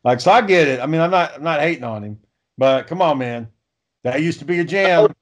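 A podcast co-host in his thirties chats casually, telling rambling, profane stories in a slightly high, expressive voice at a brisk pace. The audio is dull and lo-fi.

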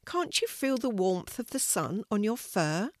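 Storyteller doing a cheery robin, high and chirpy, storybook bird. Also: female voice, sing-song, a little slow, no room sound, clean studio sound. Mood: cheerful. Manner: bright and sing-song.

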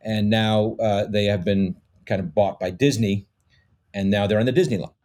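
A man's voice: lowish voice, fairly even intonation, moderate pace, a little mellow. A man in a casual podcast chat, explaining how things worked behind the scenes, with many "you know" fillers. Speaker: comedy troupe member, co-host.

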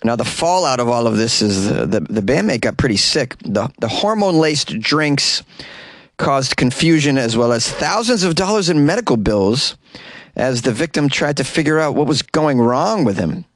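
A man with a Boston accent delivers comedy news in a sarcastic, mocking voice at a middle pitch. He now and then slips into silly put-on voices. The sound is dry, with no echo, recorded in a small closet. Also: expressive, normal speed. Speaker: comedian podcast host.

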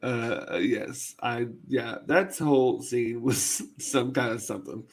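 A man's voice: medium pitch, slow. A man co-hosting a podcast, chatting casually about a movie with laid-back joking asides. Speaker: podcast co-host. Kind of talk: casual movie review chat.

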